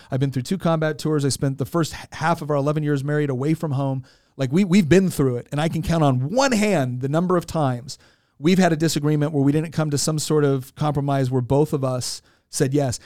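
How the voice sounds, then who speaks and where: Male podcast co-host, forties, earnest casual storyteller with a slightly high voice, dry close sound. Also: a little mellow, dry recording. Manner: earnest, repeats words when restarting.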